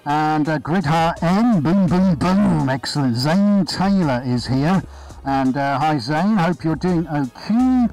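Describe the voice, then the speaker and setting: A man's voice: fairly high pitch, lively intonation, takes it slowly, a little mellow, low-quality recording. A man hosting a live painting stream from his studio, chatting casually and greeting viewers by name in an upbeat way. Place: art studio, indoors. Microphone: body-worn chest camera.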